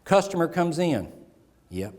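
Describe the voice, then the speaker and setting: A middle-aged man delivers a motivational keynote with animated storytelling, acting out little scenes with people from the audience. His voice sits a bit high for a man, and it rings out through a large conference hall with a long reverb tail. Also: measured pace. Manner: animated, acts out dialogue with audience. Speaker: keynote speaker.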